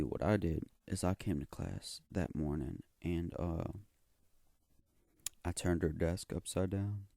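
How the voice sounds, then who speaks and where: A man's voice: on the low side, gravelly, warm tone, no echo, studio quality. A young man telling a story in a rambling, profane, slangy way. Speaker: vlogger. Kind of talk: casual storytelling.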